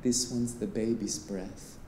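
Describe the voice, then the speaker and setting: A man voicing a soothing older male perfume seller on the metro, with a Caribbean accent and a slow, hypnotic sales chant. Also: on the low side, steady tone, dark tone, slight background noise, voice pushed down. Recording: roomy echo.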